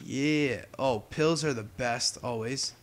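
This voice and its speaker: A man's voice: medium pitch, slow, a little hiss or hum. A young man giving casual, chatty gameplay commentary as a YouTuber, humming and drifting off topic. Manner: chatty, distracted, hums to himself. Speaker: gaming YouTuber.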